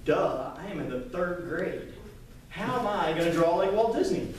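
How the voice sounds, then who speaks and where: A man from Kentucky giving a lively storytelling pitch to a live audience, acting out the dialogue as he goes. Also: normal speed, slight background noise. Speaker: entrepreneur presenter. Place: live event room, indoors. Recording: echoey room, mic far off.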